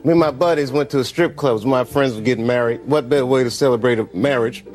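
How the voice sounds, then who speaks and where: A man's voice: medium pitch, quick pace, background noise. A male stand-up comedian telling wry, profane stories. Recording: loud music and crowd behind.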